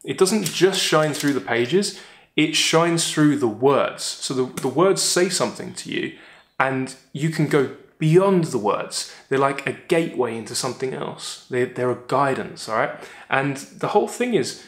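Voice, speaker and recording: A man's voice: medium pitch, lively intonation. Man explaining a poem in a roomy echo. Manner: conversational, checks in with "all right?" and "okay?"; reads quoted lines slowly and softly. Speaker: literature teacher. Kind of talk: poem analysis lesson.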